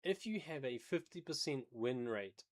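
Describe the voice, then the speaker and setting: A man's voice: mid-range voice, lively intonation, moderate pace. A man who day trades, livestreaming and thinking aloud as he comments on a video, hedging and explaining as he goes.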